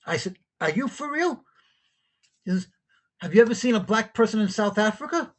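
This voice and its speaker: A fairly high-voiced man with a husky, slightly rough edge and a New York accent. He tells a story in an opinionated solo monologue, jumping between his own voice and the people he quotes. His delivery is incredulous and full of disbelief. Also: moderate pace. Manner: animated, incredulous, acts out both sides of a dialogue. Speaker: podcast host. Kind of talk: opinionated monologue, retelling a call-in exchange.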